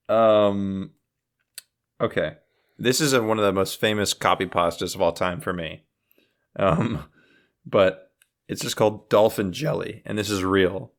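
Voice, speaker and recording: Brief: low-voiced male podcast host, animated and profane, faint music behind. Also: measured pace, pauses often. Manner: animated, profane, laughing storyteller. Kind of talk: casual comedic podcast chat.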